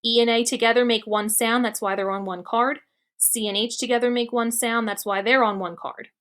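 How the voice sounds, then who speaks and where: A woman's voice: on the high side, fairly even intonation, a little fast, a bit bright. A woman teacher giving a recorded online mini-lesson to young students, explaining step by step and checking in with frequent "okay"s. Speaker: elementary school teacher.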